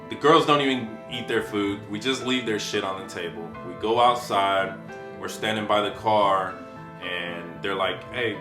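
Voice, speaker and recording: A man telling his own story in casual, slangy talk, unhurried and reflective, with frequent swearing. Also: fairly low pitch. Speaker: storyteller recounting his past. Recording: echoey room with faint guitar music. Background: faint guitar music.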